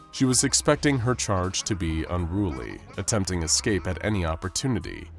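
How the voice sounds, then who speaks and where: A man narrating a story in a dramatic, expressive way. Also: deep voice. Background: faint music.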